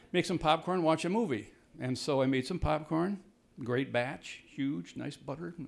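A man telling a rambling, self-deprecating personal story to a live audience, his voice jumping high when the story turns tense. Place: jungle home on a tropical mountain.

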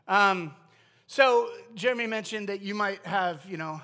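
A middle-aged man preaching in a relaxed, conversational sermon, his voice sitting noticeably high for a man. He talks earnestly, often stopping to restart his sentences and filling pauses with ums and uhs. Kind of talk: informal sermon.

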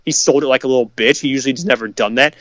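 A man's voice: medium pitch, rapid-fire, a bit bright, dry recording. A man co-hosting a sports podcast, ranting heatedly and swearing constantly about fans who complain. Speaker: podcast co-host. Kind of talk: profane sports rant.

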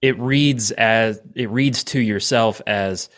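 A podcast host with a low voice talks through an idea the way a coach would. He is thoughtful and keeps checking in with his guests by asking "right?" as he goes. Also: slow. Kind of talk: casual conversation.

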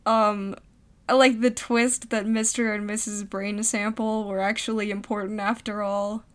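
A woman's voice: mid-range voice, level tone, a little slow. A woman co-hosting a casual podcast, chatting about comedy sketches, laughing often and trailing off with ums. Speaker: podcast co-host.

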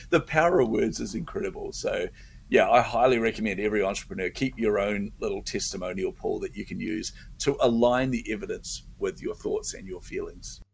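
A middle-aged man, a guest entrepreneur, chatting in an interview and telling stories with animated energy, laughing often and repeating words. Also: fairly low pitch, vocal fry, a little hiss or hum. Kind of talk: casual interview chat.

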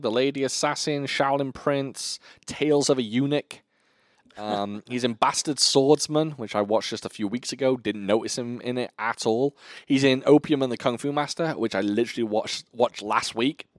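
A man's voice: medium pitch, normal speed, no room sound, clean studio sound. A man hosting a podcast, chatting casually and enthusiastically about kung fu films, swearing freely. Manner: enthusiastic, swears often, lists titles. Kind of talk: casual chat.

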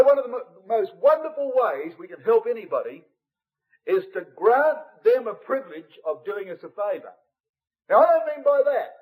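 A man's voice: high voice, phone-quality sound. A man giving an expository Bible study sermon, addressing the brethren and sisters and reading scripture aloud.

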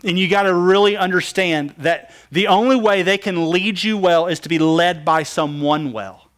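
A man's voice: high voice, normal speed. A man preaching a sermon, asking the congregation questions and answering them with emphasis. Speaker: pastor.

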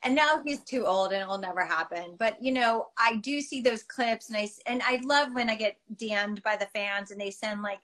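A middle-aged woman being interviewed as a guest actress over a video call, chatting casually in an animated, self-mocking way with lots of fillers. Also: mid-range voice, normal speed, few pauses, low-quality recording.

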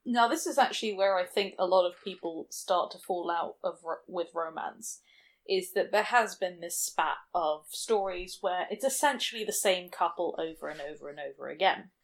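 A woman's voice: lowish voice, moderate pace. A woman co-hosting a podcast, chatting casually, agreeable and often chuckling. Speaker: podcast co-host. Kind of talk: casual chat.

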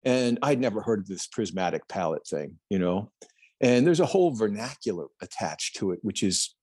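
A middle-aged man with a husky, slightly breathy voice tells a story on a podcast. He is animated and acts out the voices of others. The sound is dry and close. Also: on the low side, moderate pace, no room sound. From New Jersey, United States. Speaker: plein air painter, guest.

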